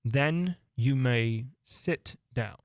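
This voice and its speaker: A man voicing a fussy, pompous king who speaks slowly and drags out his words in a storybook reading. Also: mid-range voice, dry recording, clean studio sound. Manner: slow, drawn-out delivery.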